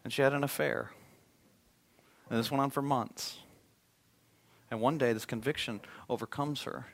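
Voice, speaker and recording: A male pastor preaching a sermon, swinging from loud emphatic appeals to a hushed, prayerful tone. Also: mid-range voice, fairly even intonation, normal speed, vocal fry.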